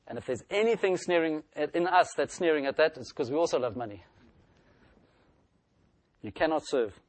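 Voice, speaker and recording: A man's voice: medium pitch, no echo. A man preaching a sermon in an earnest style, lifting his voice when he reads scripture aloud.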